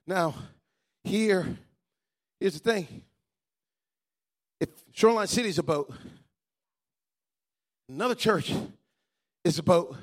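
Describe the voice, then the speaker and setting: A man preaching a sermon as a pastor, swinging from quiet asides to fired-up peaks. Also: high-pitched, slow pace, long pauses.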